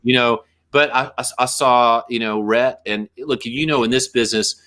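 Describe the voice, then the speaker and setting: A man's voice: medium pitch, fairly even intonation, normal speed, sharp tone. Rambling, joking male musician. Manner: rambling, self-mocking, breaks into goofy voices. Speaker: musician guest. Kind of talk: casual podcast chat.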